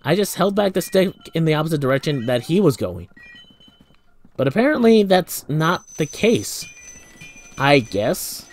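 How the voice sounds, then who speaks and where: A man's voice: fairly high pitch, sing-song, unhurried. A young man casually commentating a video game, rambling and joking with lots of fillers. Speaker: gameplay commentator. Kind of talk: casual let's play commentary.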